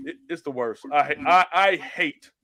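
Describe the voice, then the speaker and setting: A man hosting a casual talk show, telling stories in an animated way and acting out phone menus. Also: on the high side, moderate pace. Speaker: show host. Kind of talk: casual podcast chat.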